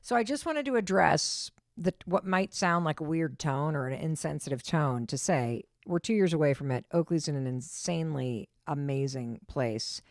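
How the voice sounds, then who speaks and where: Host: middle-aged woman, very low gravelly voice, earnest reassuring delivery, dry close sound. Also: normal speed, hardly any pauses, no room sound. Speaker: podcast host. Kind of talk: casual podcast conversation.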